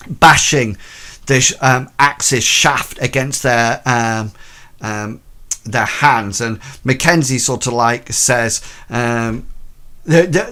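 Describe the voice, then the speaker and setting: A man running a tabletop role-playing game, describing scenes in an unhurried, halting way full of ums and false starts. His voice sits at an ordinary middle pitch for a man. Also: sharp tone. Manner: hesitant, full of ums and restarts. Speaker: game master.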